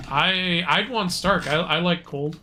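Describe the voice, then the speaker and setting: A man's voice: high-pitched, a little slow, bright, forceful tone, slight background noise. A man joining a co-op game stream as a guest, chatting casually, joking and laughing often. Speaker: guest co-op player. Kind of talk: casual gaming chat.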